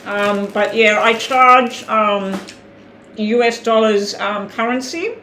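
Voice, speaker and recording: A woman's voice: medium pitch, slow, pushed and bright. Chatty Australian woman live-streaming. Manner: chatty, reads out names, talks while eating. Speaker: tarot reader. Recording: echoey room with faint ambient noise.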